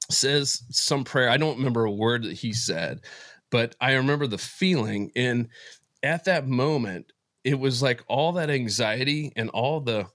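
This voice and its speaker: Halting, emotional man telling his story. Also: medium pitch, a bit bright, no echo, clean studio sound. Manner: emotional, halting, with frequent restarts. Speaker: podcast guest. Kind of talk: personal faith testimony in conversation.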